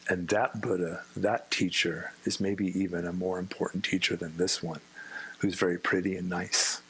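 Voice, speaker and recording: A man giving a meditation talk to a group, slow and gentle, with self-mocking humor. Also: low-pitched, steady tone, slight background noise, rough recording. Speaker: meditation teacher.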